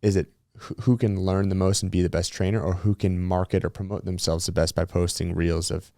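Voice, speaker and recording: A podcast host with a low voice speaks briskly, recorded in studio quality with no room sound. In a casual conversation he chats candidly and tells stories animatedly, swearing freely throughout.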